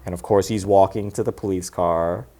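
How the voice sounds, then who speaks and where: A man with a fairly low voice walks through a movie's plot in loose, casual chat. He rambles, restarts his sentences, and breaks into laughter often, like a co-host riffing with a friend. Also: steady tone, normal speed, mellow. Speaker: podcast co-host.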